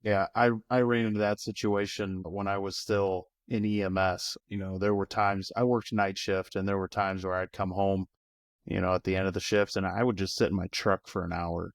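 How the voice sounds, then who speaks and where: A man with a lowish voice talks casually as a podcast guest. He sounds reflective and fills his talk with "you know". The sound is dry and close. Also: little pitch movement, normal speed, no room sound. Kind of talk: casual chat.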